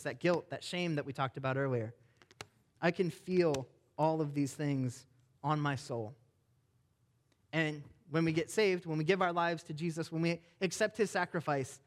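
A young adult man, a pastor, preaching a sermon with animated, emphatic delivery. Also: on the high side.

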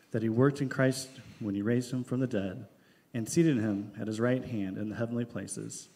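A man stands before a church congregation and reads scripture at a measured, steady pace. His voice is mellow and dark-toned, sitting at an ordinary pitch for a man. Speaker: scripture reader. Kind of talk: formal scripture reading. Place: church sanctuary.

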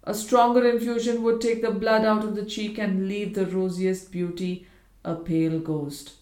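A woman's voice: mid-range voice, little pitch movement, moderate pace, a little mellow, natural voice. A woman voicing a proud, intense male scientist with an emphatic, earnest delivery, in an audiobook reading. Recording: roomy echo.

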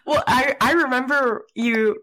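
A woman co-hosting a casual podcast, lively and quick to laugh. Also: sits high, poor audio.

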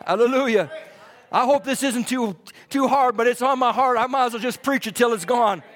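A man preaching a fervent sermon in a church, repeating his lines and swinging from loud to hushed. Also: very high voice, brisk. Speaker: pastor. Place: church hall. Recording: long hall reverb.

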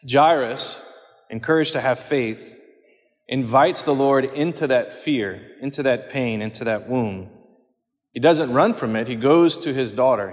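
A man giving a homily on scripture in a measured, earnest way, slowing down whenever he quotes. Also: medium pitch. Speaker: priest. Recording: long hall reverb.

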